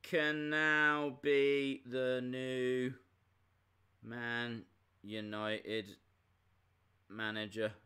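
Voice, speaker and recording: A man giving casual live reactions as a streamer, chatty with excitable, jokey asides. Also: medium pitch, very slow, long pauses, clear, resonant tone.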